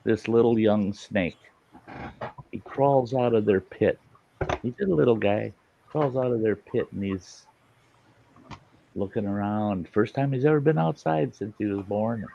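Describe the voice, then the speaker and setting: A man's voice: on the low side, a little slow, creaky, long pauses, slight background noise. A man hosting a late-night livestream, chatting casually and swearing while he tells a long joke with put-on voices. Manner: profane, storytelling with put-on voices. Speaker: livestream host. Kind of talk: casual chat and joke telling. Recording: lo-fi muffled stream audio.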